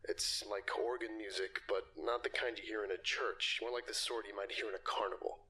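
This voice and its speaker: A man's voice: fairly low pitch, fairly even intonation, a little fast. A man playing an uneasy interview subject. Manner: hushed, hesitant, half-whispered recollection. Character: frightened adult male interview subject recalling a nightmare. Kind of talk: audio drama reading.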